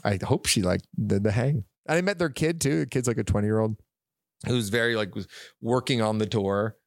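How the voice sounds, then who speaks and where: A man's voice: fairly low pitch, normal speed, no room sound, clean studio sound. A young man, co-hosting a podcast, telling a long story in a rambling way, laughing as he acts out quoted dialogue. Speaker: podcast co-host. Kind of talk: casual chat, animated storytelling.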